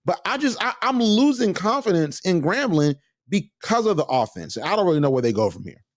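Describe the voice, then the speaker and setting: A man co-hosting a sports talk show, opinionated and animated, with frequent restarts. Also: sits high, a little fast, no room sound, clean studio sound. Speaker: co-host.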